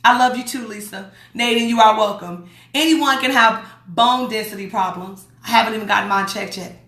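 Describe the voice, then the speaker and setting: A woman from Las Vegas talks straight into her phone on a livestream, blunt and emphatic, hammering home her warnings. Her voice is bright and forward, and the room around her is echoey. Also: a little high, normal speed. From Las Vegas, USA. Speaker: host. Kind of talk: livestream talk reading viewer comments.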